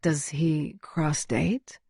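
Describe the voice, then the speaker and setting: A woman voicing a feisty female werewolf driver who talks in a low, teasing drawl, in an audiobook. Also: drawn-out words, vocal fry, mellow, husky, no echo, clean studio sound, full character voice.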